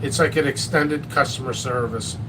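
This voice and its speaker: A man's voice: mid-range voice, moderate pace, far from the mic, background noise. A man hosting a casual live stream about peppers and hot sauce, rambling and joking at his own expense. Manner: rambling, joking, self-mocking.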